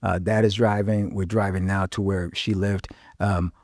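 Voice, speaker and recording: A man, a pastor, recounting a personal testimony in a casual interview, lively, acting out the voices of people in the story. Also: sits low, moderate pace, no echo, studio quality. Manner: animated storyteller, voices quoted dialogue. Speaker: pastor, guest.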